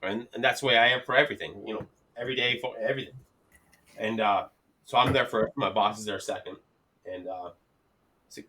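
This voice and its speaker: Bright-voiced, swearing man telling stories. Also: fairly low pitch, quick pace, breathy edge. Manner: profane, animated storytelling. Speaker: podcast host. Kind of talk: casual chat.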